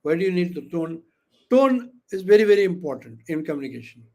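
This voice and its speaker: A man's voice: a little high, fast talker. A man giving an interactive online lecture, often asking the audience questions and filling with "okay" and "you know", speaking over a video call microphone. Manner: acts out quoted speech with lively voices. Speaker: webinar trainer.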